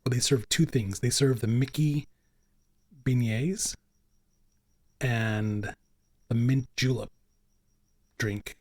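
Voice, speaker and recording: A man's voice: mid-range voice, fairly even intonation, takes it slowly, pauses often, darkish tone, dry recording. A man hosting a podcast, chatting casually and rambling with lots of fillers and restarts. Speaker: podcast host. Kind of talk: casual chat.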